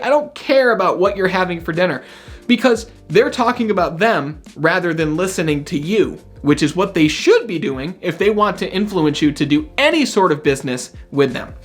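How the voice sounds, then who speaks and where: A man giving an energetic, conversational self-help lesson, often checking in with the listener by asking "right?". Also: a little high. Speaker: motivational speaker.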